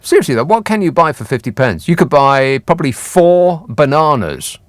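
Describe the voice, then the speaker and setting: A man's voice: on the high side, sing-song, normal speed, dry recording. A man hosting a radio phone-in show, talking in a dry, sarcastic, teasing way. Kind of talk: late-night radio phone-in chat. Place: radio studio. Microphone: studio microphone.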